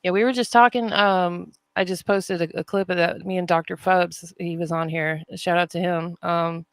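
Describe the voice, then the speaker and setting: A woman hosting a rap podcast, chatting in a relaxed, easygoing way with plenty of ums and filler words. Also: on the low side, normal speed, dry recording. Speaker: podcast host. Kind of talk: casual chat.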